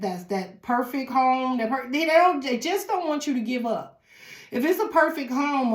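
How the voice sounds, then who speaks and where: A woman giving a casual tarot reading, chatty and laughing often as she talks straight to the viewer. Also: on the high side. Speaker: tarot reader. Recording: echoey room.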